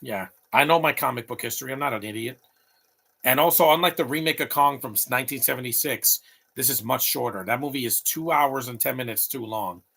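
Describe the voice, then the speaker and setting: A man's voice: medium pitch, a little fast, creaky, bright, forceful tone, husky. A man in his late thirties giving opinionated, rambling live commentary over a movie, talking back at the screen. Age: late 30s.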